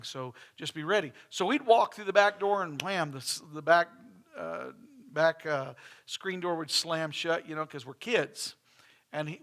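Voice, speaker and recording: High, bright-voiced middle-aged pastor. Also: male voice. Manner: folksy and conversational, with many restarts and asides. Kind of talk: sermon. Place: church sanctuary.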